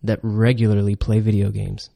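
Slow, stressing man co-hosting a podcast. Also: on the low side, completely flat delivery, gravelly, mellow. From Florida Panhandle. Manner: explains, slows down to stress numbers. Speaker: podcast co-host. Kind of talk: casual chat.

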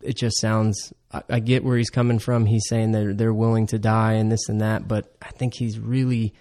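Slow, stressing man co-hosting a podcast. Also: on the low side, flat delivery, warm tone. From Florida Panhandle. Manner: explains, slows down to stress numbers. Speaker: podcast co-host. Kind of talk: casual chat.

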